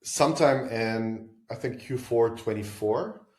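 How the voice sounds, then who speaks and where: A man's voice: mid-range voice, unhurried, darkish tone. A man from Lebanon, a podcast guest, answering interview questions in a reflective way, thinking aloud with asides and restarts. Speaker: podcast guest, venture investor. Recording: roomy echo.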